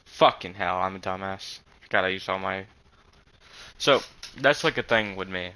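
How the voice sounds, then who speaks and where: A young man telling a rambling story in casual chat, halting with many fillers and frequent swearing. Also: low voice, pushed and bright, low-quality recording.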